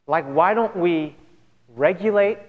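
A man's voice: high-pitched, slow pace, narrow, tinny audio. A man pastor giving an earnest, conversational sermon full of rhetorical questions to his church. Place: church sanctuary. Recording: long church hall reverb.

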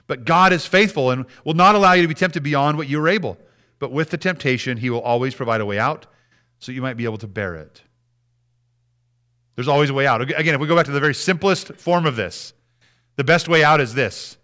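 Man, pastor, sermon, bright clear voice, chatty preaching with restarts. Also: medium pitch, brisk, pauses often. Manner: conversational preaching with frequent restarts and acted-out prayers.

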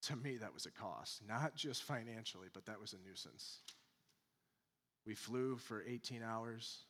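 A male pastor delivering a sermon, moving between loud emphatic points and quiet, mocking asides. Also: lowish voice, unhurried, big-room sound.

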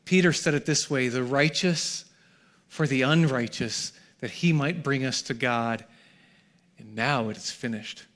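A middle-aged male pastor preaching a sermon to a congregation in a church hall, swinging from hushed, near-whispered lines to shouted peaks. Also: medium pitch, a little slow.

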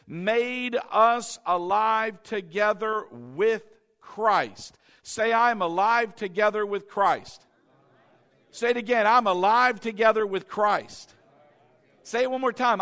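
A man preaching a sermon, reading scripture slowly and having the congregation repeat his phrases back to him. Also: high-pitched, pushed and bright. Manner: reads scripture slowly and emphatically. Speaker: pastor.

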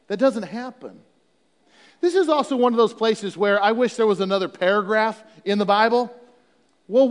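A man's voice: high voice, in a large hall. A man preaching a sermon as pastor, reading scripture and talking conversationally with humorous asides.

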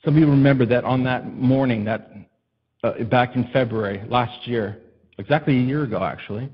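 A male pastor preaching a sermon in an impassioned way that builds to loud, emphatic peaks. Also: medium pitch, brisk, breathy edge, highs cut off.

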